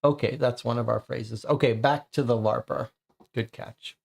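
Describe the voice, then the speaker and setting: A man's voice: mid-range voice, fairly even intonation, normal speed, creaky. A man casually commenting as he plays a mystery game, thinking aloud and reading its text to viewers. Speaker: game streamer.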